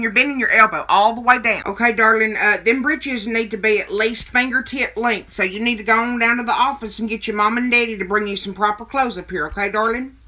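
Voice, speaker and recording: A woman's voice: fairly high pitch, pushed and bright. A performer voicing a sassy, gossipy older Southern woman with an Arkansas drawl who calls everyone darling. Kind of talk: comedy sketch character.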